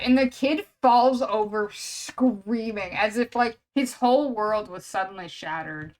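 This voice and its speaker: A woman's voice: mid-range voice, poor audio. Chatty woman streamer saying "bro" constantly. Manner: rambling and chatty, says "bro" and "man" constantly; reacts to chat with quick laughs and exaggerated outbursts. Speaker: streamer drawing commissions. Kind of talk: casual live-stream chat.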